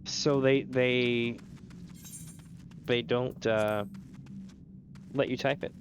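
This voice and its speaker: A man's voice: medium pitch, steady tone, drawn-out words, slight background noise. A man streaming a game, chatting casually with his viewers in a rambling way that is full of casual swearing. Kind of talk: casual gaming stream chat.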